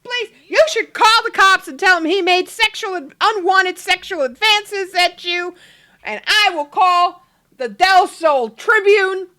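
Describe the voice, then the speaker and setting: A woman doing a shouting hot-headed husband. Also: very high-pitched, lively intonation, extremely slow, long pauses, pitched above the performer's own voice, full character voice. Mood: furious. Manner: shouting, furious outbursts. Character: hot-headed jealous husband, adult man.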